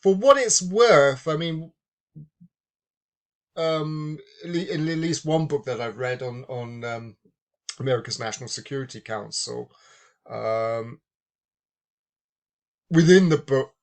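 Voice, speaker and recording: A man's voice: medium pitch, slow pace, pauses often. A man giving a university lecture, thinking aloud with many fillers and restarts. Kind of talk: recorded lecture.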